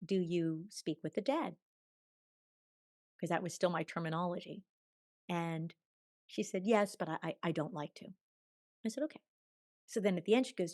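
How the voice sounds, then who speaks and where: A woman in her sixties, a podcast guest telling a personal story in an animated way, acting out quoted dialogue and laughing often. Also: mid-range voice. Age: 60s. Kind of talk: storytelling in a conversational interview.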